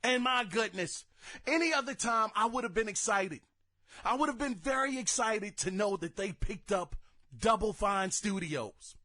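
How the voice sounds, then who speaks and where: A young man hosting a gaming podcast, giving casual commentary in exasperated, theatrical rants that break into shouted outbursts. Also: high-pitched, expressive, normal speed. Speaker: podcast host.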